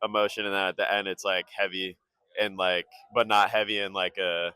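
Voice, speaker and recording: Low, bright-voiced young man rambling. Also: level tone, fairly quick, clear, resonant tone, no echo. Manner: rambling, heavy use of "like". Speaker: band member. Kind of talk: casual interview chat.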